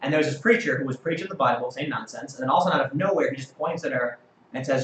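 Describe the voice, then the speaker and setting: A man's voice: medium pitch, rapid-fire, fairly bright tone, roomy sound, slight background noise, poor audio. A male host on a live-stream debate who talks in an emphatic, profane way and reads out viewer comments.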